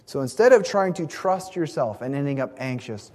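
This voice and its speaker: Earnest preacher in a reverberant hall. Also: male voice, mid-range voice, big pitch swings, normal speed, few pauses, darkish tone. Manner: earnest, emphatic, with small restarts. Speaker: pastor. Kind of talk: sermon.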